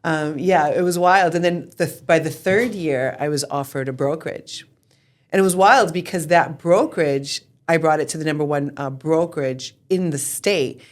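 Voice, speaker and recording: This low-voiced woman in her forties speaks at a moderate pace. She founded a real estate team and, as an interview guest, tells her story candidly and animatedly, swearing freely.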